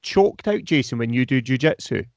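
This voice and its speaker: A man telling a lively anecdote in casual chat. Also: mid-range voice, moderate pace, no room sound.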